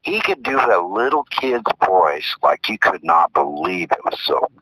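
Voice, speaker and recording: A man's voice: low-pitched, animated, unhurried, sharp tone, slightly rough, rough recording. An older man telling long, rambling stories in casual chat as co-host, often repeating himself.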